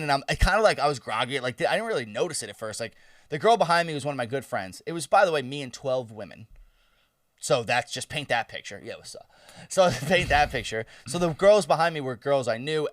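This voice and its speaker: A man's voice: on the high side, fairly bright tone, no room sound, clean studio sound, distant mic. A young man in his twenties, co-hosting a podcast, telling a story in a loose, profane, laughing way. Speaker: podcast co-host. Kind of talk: casual storytelling chat.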